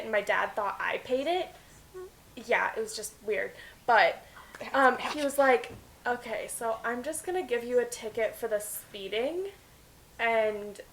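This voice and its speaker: A woman's voice: on the high side, a bit bright, a little hiss or hum. A young woman, a podcast guest, chatting casually and telling a rambling story with some teasing.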